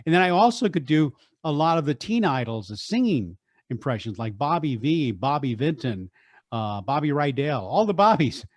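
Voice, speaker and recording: An older man, a radio deejay and voice artist, telling stories in an energetic, animated interview. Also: fairly high pitch, dry recording, clean studio sound. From Texas, USA. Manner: energetic, animated, quick restarts. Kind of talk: storytelling interview.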